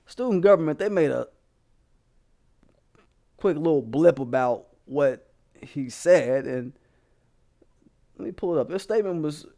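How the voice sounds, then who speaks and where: A man delivers a heated, profanity-laced rant, talking straight to his viewers. His voice sits a bit high for a man, and he keeps it blunt and casual throughout. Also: animated, unhurried, creaky, long pauses, dark tone. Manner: blunt, heated, swearing constantly, addressing viewers directly. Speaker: commentary channel host.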